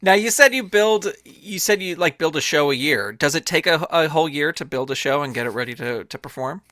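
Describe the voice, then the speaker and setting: A man hosting a casual interview podcast, asking quick, upbeat questions. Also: a little high, lively intonation, sharp tone, no echo, studio quality. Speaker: podcast host.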